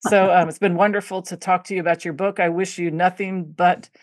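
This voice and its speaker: A woman's voice: fairly low pitch, level tone, fairly quick, dry recording, clean studio sound. A woman hosting a podcast, chatting casually with a guest and telling stories with plenty of fillers. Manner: chatty, storytelling, many fillers. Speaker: podcast host. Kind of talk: casual interview chat.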